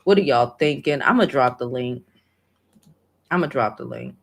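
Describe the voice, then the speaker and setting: A woman's voice: very deep voice, expressive, normal speed, vocal fry. A woman hosting a casual livestream, talking in an emphatic, emotional way and swearing freely. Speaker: livestream host.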